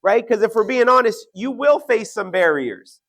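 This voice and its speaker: A man giving an earnest motivational talk to an audience, slowing down to stress key points and often checking in with "right?". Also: high voice, lively intonation, fairly bright tone. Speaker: motivational speaker.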